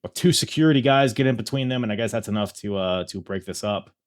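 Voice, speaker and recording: A man hosting a podcast in casual chat, talking with animated quick asides and many fillers. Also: fairly low pitch. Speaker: podcast host.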